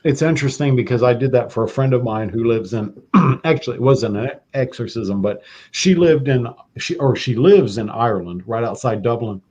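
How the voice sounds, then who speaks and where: Casting: a man with a warm, dark voice, a laid-back storyteller on a dull-sounding recording. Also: medium pitch, normal speed, few pauses. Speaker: podcast host. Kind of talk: casual chat.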